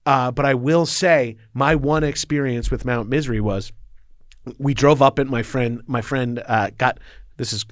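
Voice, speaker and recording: Long island guy, rambles and swears, dry close mic, middle pitch. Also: moderate pace, no echo. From Long Island, New York. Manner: loose, rambling, swears and laughs often. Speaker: podcast guest. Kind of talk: casual storytelling chat.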